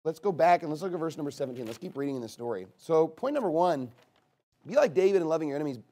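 A male pastor preaching a sermon, emphatic and rising to loud passages as he drives his points home. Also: on the high side, animated, rapid-fire.

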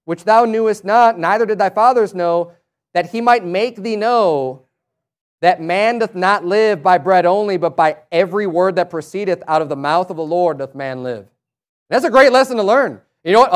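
A man preaching a sermon, reading scripture aloud and rising to emphatic, raised passages. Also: high-pitched.

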